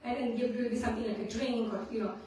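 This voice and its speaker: Woman, scripture class speaker, storytelling manner, high voice, booming temple hall. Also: steady tone, fast talker, dark tone. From India. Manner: storytelling, often checks in with "right?". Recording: very echoey hall, mic at a distance.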